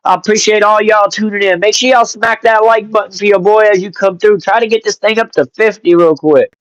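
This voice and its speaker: High-voiced man chatting on a livestream. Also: brisk, no room sound, rough recording. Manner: animated, greets chat viewers, swears when annoyed. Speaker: livestream host. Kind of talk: casual live stream chat.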